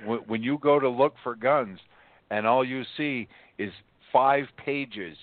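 A man in a casual radio chat, talking slowly and listing details one by one. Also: medium pitch, a little hiss or hum. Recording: tinny phone-line sound.

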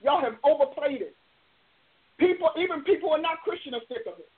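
Fervent high-voiced woman preacher, tinny audio. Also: lively intonation, fairly quick. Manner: fervent, emphatic, repeats declarations. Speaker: preacher and show host. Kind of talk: live preaching broadcast.

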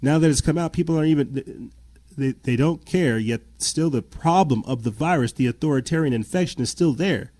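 A podcast host with a fairly high, mellow voice speaks briskly as he reads the news aloud and comments on it. He is agitated and repetitive, and his voice climbs whenever he gets indignant.

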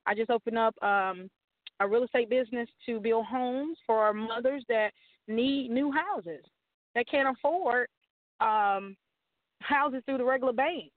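A high-pitched woman pastor gives an emphatic, preacher-like testimony. She repeats her rallying lines again and again. Her voice comes dry and tinny, as if over a phone line. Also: measured pace, no room sound. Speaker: guest author and pastor. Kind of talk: testimony and encouragement on a talk show.

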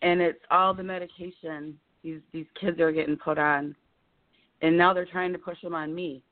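Woman in her 50s on a tinny phone line, rambly and emotional, on the edge of tears, kinda high dry voice. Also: level tone, normal speed, no room sound. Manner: rambling, emotional, talks in bursts. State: holding back tears. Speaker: caller. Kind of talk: caller on a live call-in show. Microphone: telephone.

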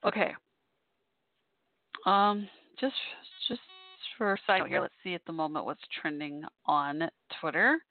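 A woman's voice: low voice, expressive, measured pace, no echo. Tired chatty woman on a thin line. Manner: chatty, meandering, tired with yawns. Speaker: podcast host. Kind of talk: casual live call-in chat. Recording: thin phone-like dry sound.

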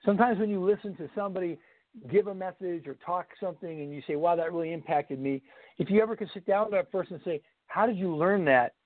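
A man's voice: sits high, fast talker, dry recording. A man giving a Bible study lecture as instructor, emphatic, blunt and preachy. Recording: tinny phone-like, dry sound.

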